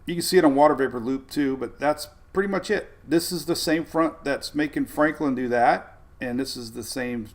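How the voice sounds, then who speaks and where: Hosting a weather livestream, this man reads out viewer comments and rambles in relaxed chat, laughing often. He speaks at a medium pitch and a moderate pace.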